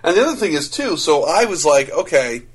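A man's voice: on the high side, very animated, fairly quick, breathy edge. A man co-hosting a casual movie review chat, thinking aloud and swearing as he picks apart the film's logic. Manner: rambling, profane, thinks aloud with restarts.

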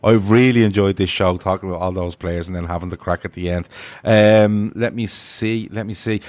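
A man's voice: low-pitched, steady tone, moderate pace, darkish tone, dry recording. Rambling man telling stories. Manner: rambling, laughing storyteller who swears. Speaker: podcast host. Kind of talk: casual banter, reading listener comments.

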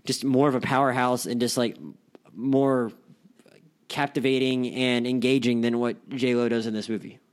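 Young male podcast host, chatty and rambling, full of "like" and restarts, mid-pitched voice. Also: little pitch movement, normal speed, clean tone. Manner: rambling, many fillers and restarts. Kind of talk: casual film podcast chat.

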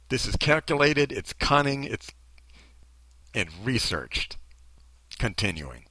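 Male commentator, mocking and emphatic, bright edge to the voice. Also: medium pitch, very animated, slow, pauses often. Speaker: commentator reacting to a video. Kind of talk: critical commentary.

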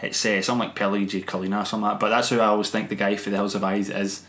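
A man's voice: lowish voice, flat delivery, rapid-fire, fairly bright tone, echoey room. A man chatting casually about a film as a podcast co-host, rambling with frequent restarts and laughs. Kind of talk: casual film review chat.

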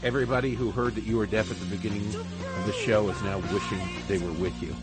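A man co-hosting a talk radio show, delivering sarcastic, deadpan jokes and heated rants. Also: lowish voice, fast, music in the background. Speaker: radio co-host. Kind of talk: casual talk radio banter.

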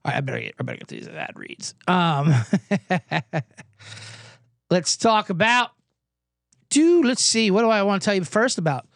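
A hoarse male podcast host rants with sarcasm and profanity, his pitch leaping around animatedly. His delivery swings between mock enthusiasm and grumbling. The sound is dry and close-miked. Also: wildly swooping pitch, a little slow, pauses often, a bit bright, no room sound. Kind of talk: comedic sports betting podcast.

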